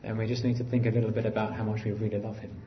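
A man preaching a sermon in an earnest way, rising to emphatic lines and dropping to quiet, low phrases. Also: flat delivery, racing, highs cut off.

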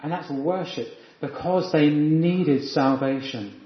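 A man's voice: on the high side, takes it slowly. A man preaching a sermon in an earnest, reflective teaching manner. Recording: echoey, dull lo-fi room sound.

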